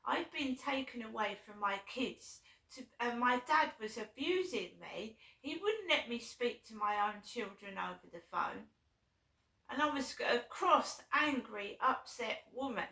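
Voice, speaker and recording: A woman's voice: fairly high pitch, animated, measured pace, bright, forceful tone. A woman vlogging, telling a long aggrieved story in a rambling way and checking in with "right?". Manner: rambling aggrieved retelling, keeps asking "right?". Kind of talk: casual storytelling. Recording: roomy echo.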